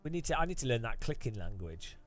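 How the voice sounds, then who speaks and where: A man's voice: mid-range voice, very animated, fast, soft background music. A man chatting casually while sim racing, rambling and chuckling. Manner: rambling, chuckling, lots of restarts. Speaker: streamer.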